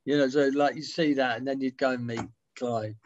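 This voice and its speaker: A middle-aged man on a video call, telling animated anecdotes as an interview guest, swearing casually and acting out quotes. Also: mid-range voice, fairly quick, muffled recording, slight background noise. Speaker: interview guest, music writer.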